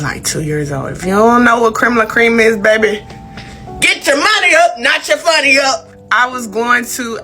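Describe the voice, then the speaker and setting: Woman, Southern US country accent, young adult, casual to-camera talk, bright tone, faint music behind. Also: medium pitch. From Georgia, US. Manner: candid, profane, drawling.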